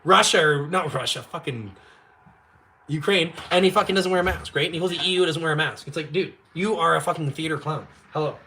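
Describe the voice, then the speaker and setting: Forceful, foul-mouthed man ranting. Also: fairly high pitch, fairly quick, a little hiss or hum. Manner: crude, swearing heavily, mocking. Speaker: live streamer. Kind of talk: casual profane rant on a live stream.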